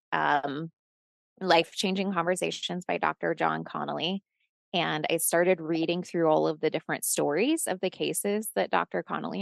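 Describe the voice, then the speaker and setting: This is a woman with a fairly low voice and a gravelly, crackling edge. She tells her story casually and acts out the dialogue. The sound is dry and close, with no room around it. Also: dry recording. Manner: animated storyteller who acts out quoted dialogue; swears and laughs often. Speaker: podcast guest.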